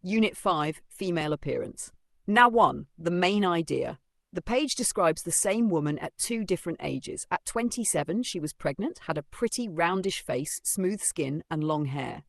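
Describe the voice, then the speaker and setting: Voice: medium pitch, expressive, moderate pace, vocal fry, a bit bright, dry recording. A teacher giving a methodical English vocabulary and grammar lesson, defining each word, giving example phrases and reading punctuation aloud. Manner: reads out punctuation like open quote and close quote.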